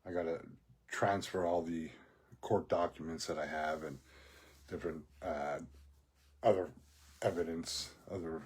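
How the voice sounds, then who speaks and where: Low husky-voiced rambling man. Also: fairly even intonation, measured pace, pauses often, a little mellow. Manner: profane, rambling, laughs often. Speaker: vlogger. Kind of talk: casual rambling monologue.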